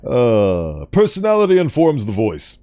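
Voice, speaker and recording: A man's voice: medium pitch, huge pitch swings, measured pace, dark tone. A man streaming live, chatting playfully with viewers and laughing as he reads stories. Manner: playful, laughs often, greets chat. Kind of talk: casual live-stream chat.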